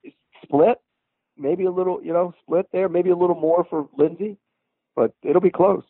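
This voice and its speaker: A man's voice: sits high, steady tone, moderate pace, no room sound. Man on a tinny phone line. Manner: matter-of-fact, confident verdicts. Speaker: football reporter guest. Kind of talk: sports analysis on a podcast. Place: at a team practice facility.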